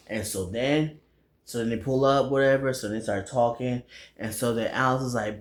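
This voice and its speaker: A man's voice: mid-range voice, normal speed, roomy sound. A man recapping a movie in a slangy, rambling way, with lots of fillers. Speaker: movie reviewer.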